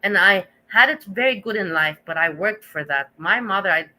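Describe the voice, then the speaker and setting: A woman's voice: medium pitch, expressive, normal speed, bright, forceful tone, low-quality recording. A woman streamer talking to her viewers in an emotional, rambling monologue, with frequent swearing and restarts.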